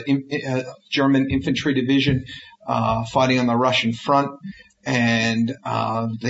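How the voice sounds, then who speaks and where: A man's voice: mid-range voice, fairly bright tone. A middle-aged American man telling his life story frankly and conversationally, with many fillers and restarts. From United States. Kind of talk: personal storytelling talk. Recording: dull lo-fi recording with faint noise.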